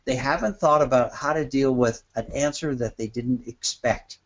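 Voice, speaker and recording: A man giving an instructional webinar in a lively, conversational way, acting out little quoted exchanges. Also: normal speed. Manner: animated, acts out quoted trade-show exchanges in a higher voice. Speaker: webinar presenter. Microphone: webinar microphone.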